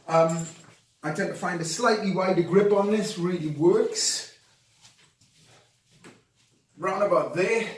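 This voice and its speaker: A man demonstrating exercises at home, talking through each move and getting out of breath between reps. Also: high voice. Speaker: fitness coach. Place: home workout space. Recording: echoey room, distant camera mic.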